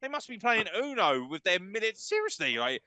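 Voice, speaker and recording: Pushed and bright, a British man's high voice leaps around in pitch as he rants briskly on his podcast with no room sound. It's a crude comic tirade of nonstop swearing and mockery, punctuated by laughter.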